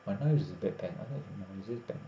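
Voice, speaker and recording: On a live stream, a worn-out man rambles to viewers at a quick pace, his voice warm and low. The sound is echoey, dull, and lo-fi, with faint background noise.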